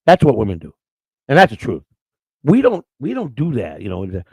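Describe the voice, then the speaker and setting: A man's voice: medium pitch, wildly swooping pitch, brisk, a little mellow, husky, no echo. A man hosting a live-streamed show, talking in a rambling, emotional way, repeating words and getting choked up. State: emotional, near tears. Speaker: show host.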